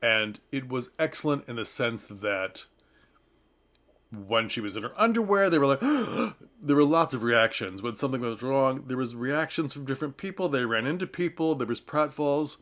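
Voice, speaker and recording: A man talks through a stage review in an easy, chatty way, with a pitch that sits in an ordinary middle register. He laughs often, coaxes his listeners with friendly advice, and now and then slips into playful mock voices. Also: animated, normal speed, fairly bright tone. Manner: coaxing, advice-giving tone. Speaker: theater reviewer. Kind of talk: casual talking-head commentary.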